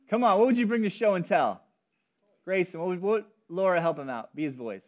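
High, lively male pastor preaching. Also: muffled recording. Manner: animated, talks directly to the congregation and children. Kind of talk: sermon with personal stories. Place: church service.

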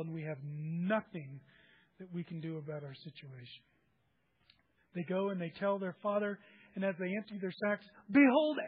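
A man's voice: sits high, slightly rough, phone-quality sound. A man preaching a sermon, reading scripture aloud and explaining it with everyday examples. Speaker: pastor.

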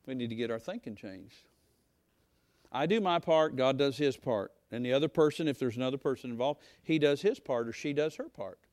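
A middle-aged male pastor preaching a sermon in a folksy, conversational way, talking straight to his congregation and sometimes rising to a shout. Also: mid-range voice, expressive, a little fast, dry recording, studio quality.

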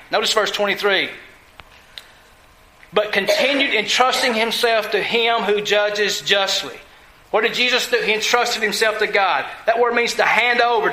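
Male pastor, high bright voice, emphatic question-and-answer preaching, echoey room. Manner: emphatic, asks the congregation questions and answers them. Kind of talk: sermon.

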